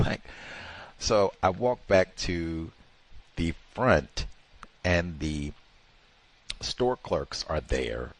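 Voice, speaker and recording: Talk host, male, low voice with wide swings, rambling exasperated storyteller. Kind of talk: casual anecdote telling.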